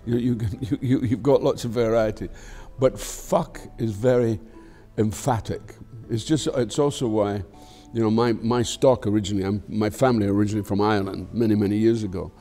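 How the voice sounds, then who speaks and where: A man's voice: on the low side, steady tone, normal speed, hardly any pauses, mellow, faint music behind. An older man with a Scottish accent, talking frankly in an interview, reflective and rambling, swearing freely. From Scotland. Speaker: actor being interviewed. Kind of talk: candid conversational interview.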